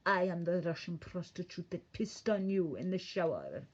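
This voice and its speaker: A woman's voice: on the low side, sing-song, normal speed. A woman voicing a brash, scorned woman with a put-on Russian accent, taunting and mocking. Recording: dull lo-fi stream audio.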